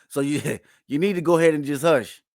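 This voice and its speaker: A man's voice: a little high, normal speed, vocal fry, no echo, clean studio sound. A man hosting a casual sports reaction video, emphatic and playfully mocking, repeating his points.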